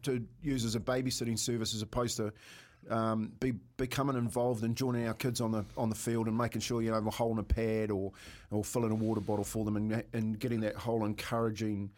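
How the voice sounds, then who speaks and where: A man's voice: fairly low pitch, quick pace. A middle-aged man with a New Zealand accent, co-hosting a morning radio show and telling stories in casual chat, often repeating words as he goes. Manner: storytelling, repeats words when excited. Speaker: radio co-host.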